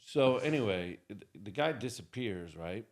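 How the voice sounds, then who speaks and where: A man telling an anecdote as a podcast guest, animated and acting out the people in his story. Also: fairly low pitch, a little slow.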